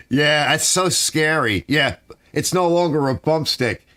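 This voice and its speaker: Grumbling middle-aged man, lively pitch. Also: measured pace, dry recording. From United States. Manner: grumbling, animated, reads chat aloud. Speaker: live stream host. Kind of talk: rambling live stream chat.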